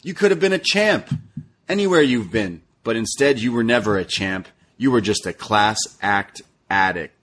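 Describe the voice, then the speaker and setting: Guy putting on a cocky heel wrestler, mocking and pitched up a bit. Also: animated, moderate pace, fairly bright tone, slight background noise. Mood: taunting. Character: boastful heel wrestler taunting a rival.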